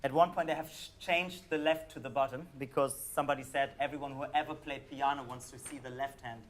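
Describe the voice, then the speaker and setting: A man with a German accent, calmly guiding a live audience through a performance score, with hesitant fillers. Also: medium pitch, fairly quick, a little hiss or hum. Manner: calm, instructive, hesitant with fillers.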